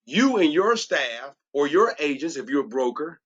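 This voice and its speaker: Emphatic coach type, man, a bit high-voiced, churchy sales pitch, muffled lo-fi recording. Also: big pitch swings, moderate pace, a bit bright, husky. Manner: preachy, emphatic, repeats "watch this". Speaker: transformational coach. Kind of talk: solar sales presentation.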